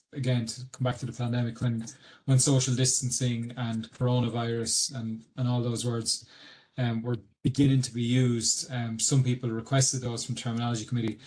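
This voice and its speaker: This dictionary editor, a man with an Irish accent, gives a webinar talk over video call explaining his work. His voice is medium in pitch with a darkish tone, and his delivery is hesitant, riddled with ums and false starts.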